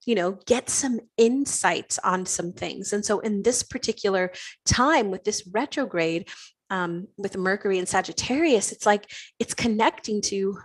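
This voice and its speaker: Woman, astrology host, reflective spiritual talk, rhetorical questions, drawn-out key words, medium pitch. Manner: asks many rhetorical questions with frequent "right?"; slows down to stretch key words.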